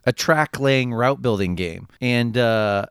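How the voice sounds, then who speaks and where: Easygoing man with a clear voice. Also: medium pitch, slow pace, no echo, studio quality. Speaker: podcast co-host. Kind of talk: casual chat.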